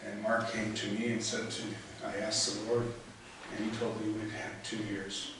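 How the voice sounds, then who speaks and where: An older man with a fairly low voice fondly tells stories about an old friend, chuckling now and then. He is heard from a distance in a large echoey funeral chapel, with background noise under his words. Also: monotone, normal speed. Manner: storytelling, fond, with light chuckles. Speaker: eulogy speaker. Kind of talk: eulogy remembrance. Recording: echoey hall picked up from far off with background noise.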